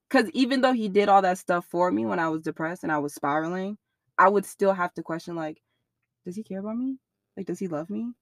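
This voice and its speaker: A young woman in an interview, telling a personal story in a blunt, profane, animated way. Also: on the low side, no echo, clean studio sound.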